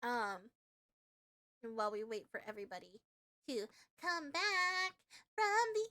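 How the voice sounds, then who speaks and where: Young female streamer, high bright voice, excitable and loud. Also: measured pace. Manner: excitable, swearing, loud outbursts. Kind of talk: live reaction stream.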